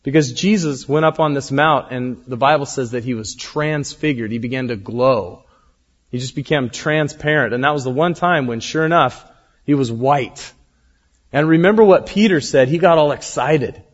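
Pastor, male, casual animated preacher; dull-toned recording with long church-hall reverb. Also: medium pitch, moderate pace. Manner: conversational, animated storytelling with acted quotes. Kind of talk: sermon.

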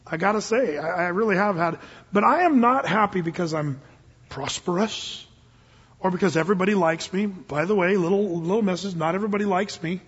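The clip captures an older man, a pastor, giving a sermon during a church service in an informal, heartfelt style punctuated by sudden emphatic surges. He has a high, husky voice. Sound quality is dull, with the long reverb of a church.

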